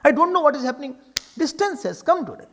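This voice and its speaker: A male spiritual teacher speaks in a spiritual discourse. His voice is high and gravelly, with pitch that rises and falls a lot. He tells stories with humor and acts out the dialogues himself. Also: quick pace. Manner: animated storytelling, acting out dialogues with humor.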